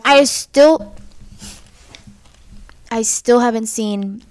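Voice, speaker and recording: A woman chatting casually on a podcast, mostly giving short, relaxed reactions. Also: a little high, very slow, clear, resonant tone, no room sound. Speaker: podcast guest. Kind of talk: casual chat.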